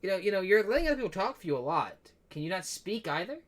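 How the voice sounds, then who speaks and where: A man voicing a blunt, suspicious royal guard who speaks in a rough, gruff way. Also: high-pitched, very animated, quick pace.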